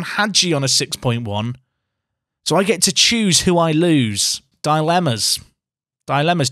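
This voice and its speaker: A man's voice: a little high, fairly bright tone, no echo, studio quality. A young man giving casual, self-mocking commentary on a game he is playing and talking back to it. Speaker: gaming YouTuber.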